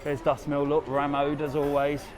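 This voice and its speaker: A man's voice: fairly high pitch, completely flat delivery, moderate pace, crowd noise. A man hosting a casual live walking tour outdoors, chatting easily to his viewers and reading their comments aloud. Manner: chatty, easygoing, talks straight to viewers. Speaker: travel vlogger and live-stream host. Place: outdoors on a resort street, walking.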